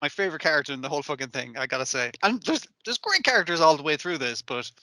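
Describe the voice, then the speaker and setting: A man hosts a podcast in loose, sweary chat. His voice is bright and forceful, pitched a little high. The sound is dry and close, and he keeps breaking into character lines. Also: sing-song, quick pace, no room sound. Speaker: podcast host. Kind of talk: casual chat.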